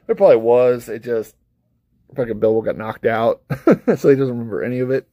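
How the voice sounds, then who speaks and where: A man's voice: medium pitch, steady tone, brisk, no echo, dull audio. A man talking casually to camera as a vlogger, rambling and swearing freely, with frequent laughs between thoughts. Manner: rambling and profane, with frequent laughs and acted-out asides. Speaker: vlogger reviewing books and films; parent of a young child. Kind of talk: casual unscripted chat to camera.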